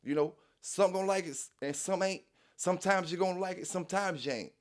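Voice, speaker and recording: A man with a fairly high voice lectures his viewers about dogs in loose street talk. He repeats himself for emphasis and keeps dropping "you know what I'm saying" between points. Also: brisk. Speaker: dog news channel host. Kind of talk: casual monologue to viewers.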